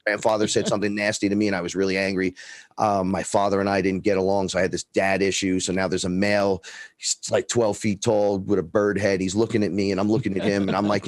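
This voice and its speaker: Deep-voiced Bronx man telling wild stories. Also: fast, no room sound. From the Bronx, New York. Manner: animated storyteller, acts out quoted dialogue, swears freely. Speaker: guest. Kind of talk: casual storytelling.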